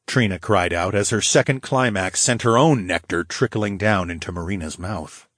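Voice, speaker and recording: Husky low-voiced male audiobook narrator. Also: normal speed, dry recording, studio quality. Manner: steady, low growling delivery. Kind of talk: first-person fantasy audiobook narration.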